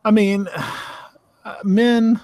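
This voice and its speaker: A man's voice: sits high, darkish tone, dry recording. Southern man chatting on a dry call. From Tennessee. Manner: halting, many restarts and fillers, chuckling. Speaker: host. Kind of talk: casual online chat. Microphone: video call.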